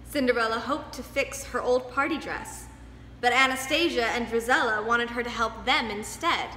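A young woman dance teacher reading a storybook aloud to children, lively and expressive. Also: fairly high pitch, normal speed, slight background noise. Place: dance studio. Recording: echoey studio hall, faint music.

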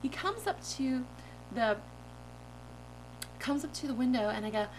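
A woman vlogger telling a story to her camera in a bubbly, giggly, animated way. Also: sits high, a little slow, slight background noise, low-quality recording.

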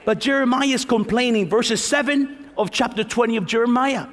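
Male pastor with a high voice, animated sermon delivery, long hall reverb. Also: moderate pace, some chatter behind. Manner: animated, acts out prayers and asides to the congregation. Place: large church sanctuary.

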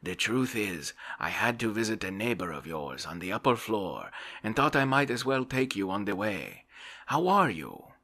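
A man doing a brisk, no-nonsense little doctor. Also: low voice, lively intonation, sharp tone, full character voice. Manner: matter-of-fact, decisive. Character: brisk, jesting bald little male doctor. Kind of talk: whispered role-play.

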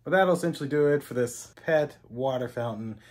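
A man vlogging a casual product setup and talking his viewers through each step. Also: fairly quick. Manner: chatty, talks to his dogs in a high coaxing voice.

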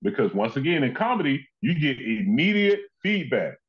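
A man telling stories with lively energy, slipping into other people's voices as he recounts them. His pitch sits in an ordinary middle range. The recording is slightly dull and lo-fi. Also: moderate pace. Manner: animated, acts out quoted people in his stories. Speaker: comedian and actor, guest. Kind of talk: conversational storytelling in an interview.

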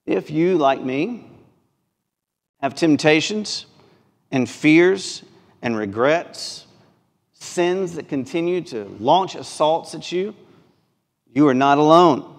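A man's voice: a little high, lively intonation, takes it slowly, long pauses. A man with a Mississippi accent preaching a sermon as pastor, earnest and building through repeated phrases. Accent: Mississippi Southern. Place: church sanctuary. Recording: long church reverb.

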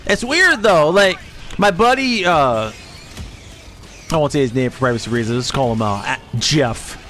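A man's voice: expressive, moderate pace, a bit bright, a little hiss or hum. Rambling, profane man streaming a game. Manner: rambling, profane, jumps into high squeaky voices for quotes. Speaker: livestreamer. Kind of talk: rambling casual chat while gaming.

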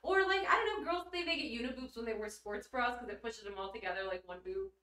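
A woman's voice: fairly high pitch, quick pace, pushed and bright. Bubbly, giggly woman livestreaming. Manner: bubbly, giggly, blunt, swears casually. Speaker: livestreamer reading chat. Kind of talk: casual livestream chat. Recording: roomy echo, mic at a distance.

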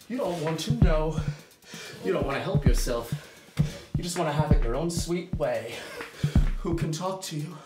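A man's voice: fairly high pitch, expressive, moderate pace, long pauses. A man performing a theatrical monologue on a small stage, scolding and nagging in a stream of stock phrases. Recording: roomy recording with loud music.

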